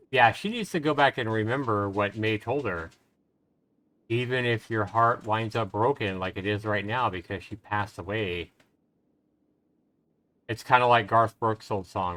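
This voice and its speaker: Earnest low-voiced male streamer. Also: measured pace, a bit bright, dry recording. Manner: earnest, emotional, reflective advice to viewers. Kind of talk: live-stream game commentary.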